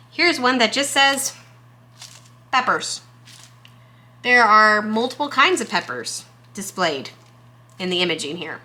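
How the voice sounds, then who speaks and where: A young woman from Texas, chatting casually to camera as a gardening vlogger in a chatty, excitable, self-deprecating way. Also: mid-range voice.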